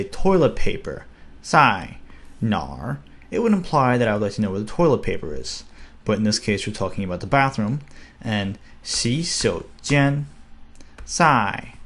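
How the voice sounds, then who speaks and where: A young man giving a casual, upbeat video lesson, slowing down to spell out words. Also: fairly low pitch. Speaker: language teacher.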